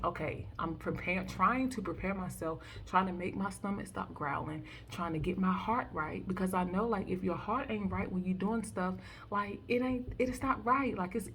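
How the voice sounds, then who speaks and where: A woman's voice: lowish voice, gravelly, fairly bright tone, slight background noise. Chatty, fervent woman giving testimony. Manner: chatty storytelling with frequent fillers, swelling into fervent pleading. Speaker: prophetic faith vlogger. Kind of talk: personal testimony and devotional talk.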